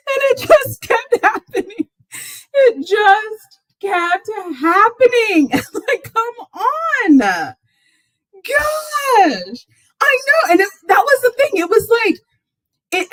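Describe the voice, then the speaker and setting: Very high-pitched and animated, a woman hosting a casual live sports chat tells a story with frequent laughter and exclamations that climb into squeals. She is a Texas fan rather than a Texan. The audio is poor with no room sound.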